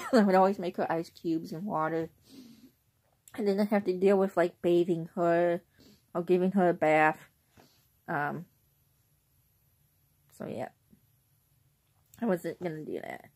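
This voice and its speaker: Young woman chatting casually to camera, kinda low voice, keeps clearing her throat. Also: fairly even intonation, slow, long pauses, a little mellow. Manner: rambling, with frequent throat clearing. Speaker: vlogger. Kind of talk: casual chat.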